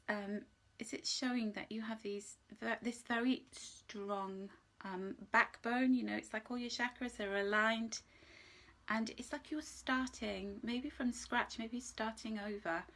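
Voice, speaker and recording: A woman gives a live angel card reading with a gentle, reassuring manner. Her voice sits fairly high and moves a little slowly, and she gets emotional, laughs a lot, and sometimes sinks into a soft whisper.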